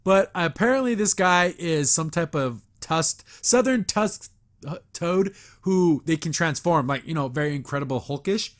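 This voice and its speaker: A man's voice: fairly high pitch, animated, normal speed. Man recapping a cartoon, laughing often. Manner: retells scenes, quoting characters, with frequent laughs. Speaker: podcast host. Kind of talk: casual episode review.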